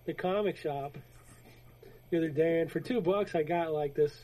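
A man's voice: a little high, normal speed, warm tone, low-quality recording. A man co-hosting a casual podcast, telling a story in a rambling way with many restarts and acted-out quotes. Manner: rambling, retells stories with quoted voices. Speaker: podcast co-host. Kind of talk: casual chat about comics.

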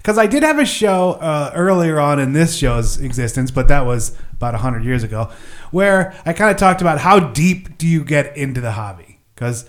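Podcast host guy rambling along, laughs a lot, voice a bit high. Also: big pitch swings, moderate pace, few pauses. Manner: rambling, self-mocking, laughs often. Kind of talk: casual chat.

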